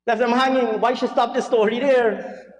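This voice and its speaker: A man's voice: extremely high pitch, steady tone, moderate pace. A man giving a parliamentary budget debate speech, mocking and theatrical, repeating phrases for emphasis. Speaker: member of parliament. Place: large parliament chamber. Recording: echoey chamber with long reverb.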